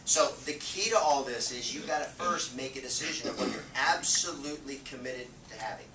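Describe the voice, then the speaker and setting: A man giving an energetic motivational training talk to a live audience, often checking in with "okay?". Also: medium pitch, brisk, few pauses. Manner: energetic, punchy, keeps asking "okay?". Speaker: real estate sales trainer. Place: meeting room with a live audience. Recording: echoey, distant, noisy room recording.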